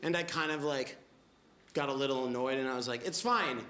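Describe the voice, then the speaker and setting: A man in his late twenties telling a stand-up set, animated storytelling with mumbled asides. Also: mid-range voice, a little fast, roomy sound, background noise. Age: late 20s. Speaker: stand-up comedian. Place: comedy club stage before a laughing audience.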